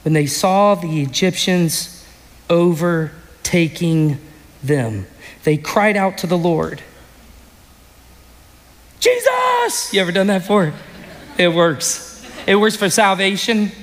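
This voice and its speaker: Male pastor, high voice, animated sermon with shouted peaks, recorded in a hall with long reverb. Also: slow pace. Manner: animated storytelling, bursts into shouts. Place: church sanctuary.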